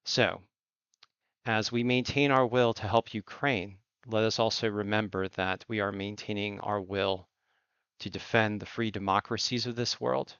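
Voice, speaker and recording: Earnest man with a bright, dry voice. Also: fairly low pitch, gravelly, smooth, no echo. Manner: earnest, emphatic, deliberate phrasing. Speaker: host of a surf and climate report. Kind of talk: impassioned spoken commentary. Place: Outer Banks coast. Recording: dull lo-fi recording.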